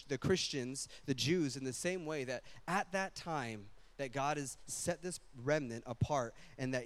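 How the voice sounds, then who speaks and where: A young adult man preaching a sermon in a casual, animated way, full of slang and quick asides. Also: medium pitch. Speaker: pastor.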